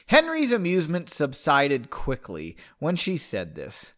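A man's voice: on the high side, huge pitch swings, measured pace, few pauses, fairly bright tone. Man reading a story aloud with jokey asides. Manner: joking asides, swearing, loses his place. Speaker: amateur reader. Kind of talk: casual comic reading aloud.

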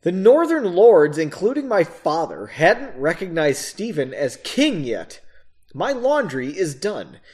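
A man voicing an irritable, bossy young noblewoman who scolds and accuses in a sharp tone. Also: high-pitched, very animated, takes it slowly, full character voice. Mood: curt.

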